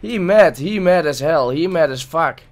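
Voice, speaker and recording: A man's voice: fairly high pitch, lively intonation, moderate pace. A man giving live gameplay commentary, frustrated and swearing at the game as he plays. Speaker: gameplay video creator.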